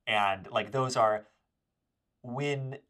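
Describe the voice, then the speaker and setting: A man's voice: mid-range voice, very slow, pushed and bright. A man co-hosting a casual podcast chat, thoughtful, with some "like" fillers. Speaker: podcast co-host.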